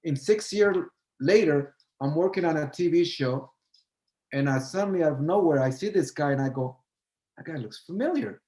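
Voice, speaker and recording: A man's voice: a little high, moderate pace, dark tone, echoey room, poor audio. An older man, a choreographer and guest, telling a story in a casual chat and acting out both sides of the remembered dialogue.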